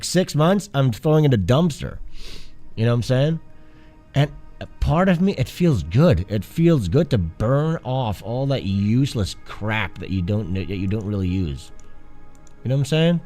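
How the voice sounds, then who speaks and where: Flu-stricken and stuffed-up, this art streamer speaks in a medium-pitched, slightly mellow, nasal voice on his casual livestream. He rambles, curses and cuts himself off, with faint background music behind him.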